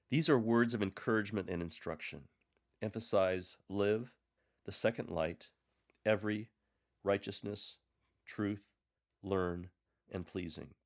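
Deep-voiced man coaching scripture readers. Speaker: lector coach. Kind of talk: scripted instructional narration.

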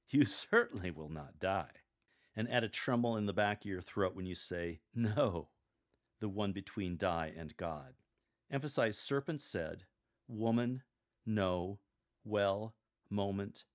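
Low-voiced man coaching scripture readers. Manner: deliberate, emphatic coaching with light humor. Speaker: lector coach, host. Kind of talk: instructional podcast on scripture reading.

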